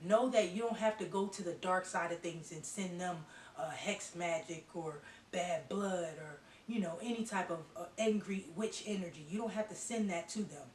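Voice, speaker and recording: A woman's voice: lowish voice, moderate pace, hardly any pauses. A woman giving a channeled psychic reading to viewers, talking emphatically and bluntly, repeating herself and swearing. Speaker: psychic reader. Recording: roomy echo from a distant mic with faint hiss.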